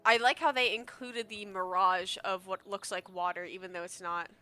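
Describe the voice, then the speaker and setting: A woman streamer giving animated, swearing commentary as she plays a game and talks to its characters. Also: medium pitch, moderate pace, clear, resonant tone, faint music behind. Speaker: gamer streamer. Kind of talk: let's play commentary.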